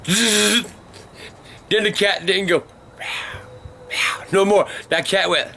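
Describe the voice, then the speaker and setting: High, bright-voiced older man. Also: steady tone, a little slow, creaky, slight background noise. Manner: cursing constantly, bursts into shouting. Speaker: vlog host telling stories. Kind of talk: profane storytelling rant.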